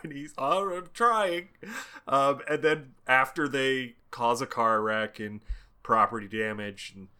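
A man's voice: mid-range voice, pushed and bright. A man co-hosting a podcast, casually retelling a comic scene, acting out the lines and laughing as he goes. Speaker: podcast co-host. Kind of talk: casual chat.

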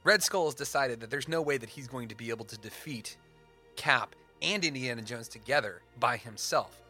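Bright-voiced young man spinning fan stories. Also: mid-range voice, moderate pace, faint music behind. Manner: animated, dramatic build-ups, playful. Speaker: podcast co-host. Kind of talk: casual chat, storytelling fan crossovers.

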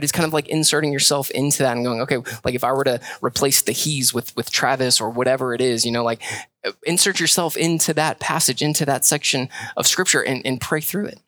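A man's voice: mid-range voice, a bit bright, no room sound. A young man, preaching a sermon in a conversational style, repeating phrases for emphasis. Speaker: pastor.

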